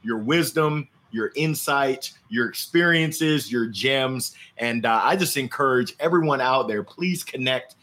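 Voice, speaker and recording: A man's voice: mid-range voice, unhurried, hardly any pauses, sharp tone. A man hosting a live interview show, thanking his guest with enthusiastic, effusive praise and catchphrases. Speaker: podcast host.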